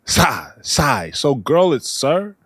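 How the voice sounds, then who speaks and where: A man's voice: a little high, big pitch swings, slow pace. A man hosting a music reaction video, chatting casually and singing along to lyrics he tries to sound out. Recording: loud music playing underneath. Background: loud hip hop music.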